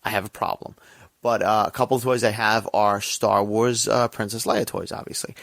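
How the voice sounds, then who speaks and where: Male podcast host, 30s, low and gravelly, loose profane rambling delivery. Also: steady tone, moderate pace, fairly bright tone, no echo. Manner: rambling, profane, laid-back. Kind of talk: casual solo movie chat.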